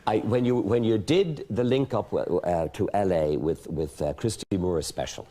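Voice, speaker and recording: Insistent talk show host. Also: male voice, low-pitched, a little slow, warm tone. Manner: insistent, repeats himself. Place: television studio with audience. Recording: noisy studio with crowd.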